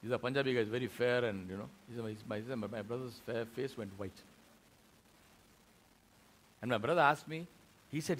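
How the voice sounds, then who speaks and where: A man's voice: mid-range voice, moderate pace, pauses often, a little hiss or hum. A man giving a Friday sermon in a mosque, telling a story and acting out the voices of its people. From India. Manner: animated storyteller who acts out the voices of people in his story.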